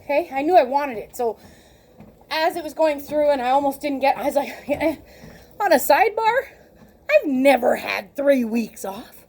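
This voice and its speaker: A woman in her late forties telling a personal story in a casual, animated way, laughing often and acting out the conversations she recounts. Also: sits high, moderate pace. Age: 40s. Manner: animated, laughs often, acts out quoted exchanges. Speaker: vlogger.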